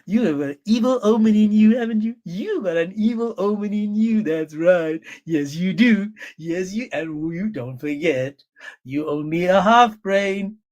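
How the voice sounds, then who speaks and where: A man's voice: high voice, a little slow, a little mellow, highs cut off, pitched above the performer's own voice. A man voicing a domineering husband who talks in a taunting, sing-song way.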